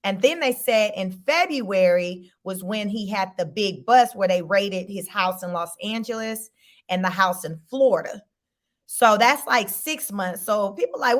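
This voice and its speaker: A woman hosts a live stream into a desk mic. Her voice sits a little high, and she talks in an animated, chatty way, laughing between lines. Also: a little slow. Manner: chatty, animated, laughs often, says "child" and "y'all". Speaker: host. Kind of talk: casual live-stream commentary.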